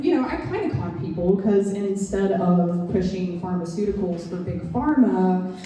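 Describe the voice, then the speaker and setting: Halting woman doing stand-up. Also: medium pitch, mellow. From American South. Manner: halting, filler-heavy, dry self-mocking delivery. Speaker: stand-up comedian. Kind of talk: stand-up comedy set. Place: comedy lounge stage, live audience. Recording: roomy club echo, far mic.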